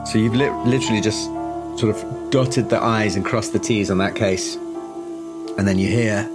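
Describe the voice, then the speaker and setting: A man narrating a tabletop horror game as game master, relaxed and full of hesitations. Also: fairly low pitch, normal speed, over loud music.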